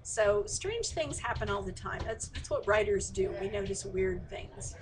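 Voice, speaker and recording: During a casual online Q&A streamed remotely from indoors, a woman author reads out audience questions and answers them chattily, using plenty of fillers. Her medium-pitched voice is expressive and unhurried, with background noise audible.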